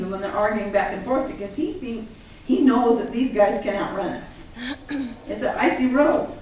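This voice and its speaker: A woman giving an earnest, animated personal account to a live audience, acting out what others said, heard from a distance in a large echoey hall. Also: a little high. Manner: earnest, animated storytelling that acts out others' words. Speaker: speaker at a public gathering. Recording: echoey hall from far off, faint hiss.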